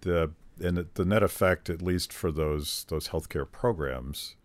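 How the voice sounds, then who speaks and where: Very deep-voiced male podcast host. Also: dry recording. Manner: halting, restarts, wry. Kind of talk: interview conversation.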